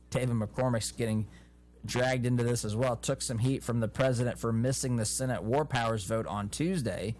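Animated male political commentator. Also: medium pitch, a little hiss or hum. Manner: animated, opinionated, often restarts phrases. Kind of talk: political commentary, reading news aloud.

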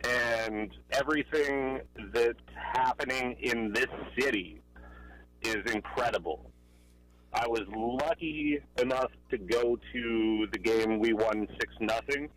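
A man's voice: mid-range voice, slow pace, fairly bright tone, a little hiss or hum, low-quality recording. A man from Canada calls in to a sports radio show. He speaks earnestly and gets emotional. His voice comes through a radio call-in line. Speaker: caller. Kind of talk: phone-in call.

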